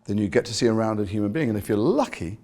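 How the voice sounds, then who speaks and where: A British actor telling stories in an interview, animated and self-mocking. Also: male voice, fairly low pitch, quick pace. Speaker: actor guest. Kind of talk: conversational interview.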